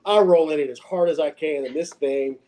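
A man's voice: on the high side, fairly quick, over a noisy crowd. A man co-hosting a motorcycle podcast, telling a joking track-day story. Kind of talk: casual chat.

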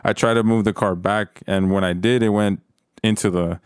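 A young man with a low voice spins a profane, rambling story among friends, often restarting his sentences. The sound is close and dry, with no room around him. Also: fairly even intonation, normal speed, clean tone, no echo. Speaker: storyteller in a group chat. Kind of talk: casual chat.

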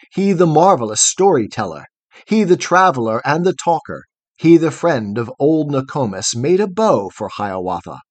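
A man reads a long poem in a steady, drum-like chanting rhythm. His middle-pitched voice swings freely up and down across each line. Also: dry recording. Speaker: reader. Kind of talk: poetry reading.

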